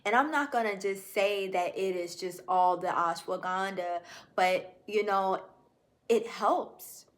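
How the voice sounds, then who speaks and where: A young woman talking in a personal video journal, reflective and heartfelt, chatting casually to her viewers with many fillers. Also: mid-range voice. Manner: slow, reflective and heartfelt, addresses viewers as y'all.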